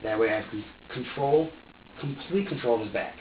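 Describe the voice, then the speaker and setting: A young man under police questioning talks a little fast at medium pitch, rambling, repeating himself and sounding defensive. The interview room is captured by a distant microphone, so the audio is tinny and echoey with a little hiss or hum.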